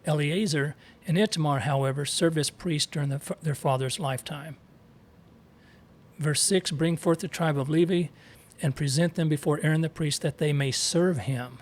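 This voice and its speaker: In a casual Bible study, a co-host teaches scripture, reading verses aloud and stopping to sound out Hebrew words. His voice is somewhat high for a man, and he stays conversational, explaining things through frequent asides.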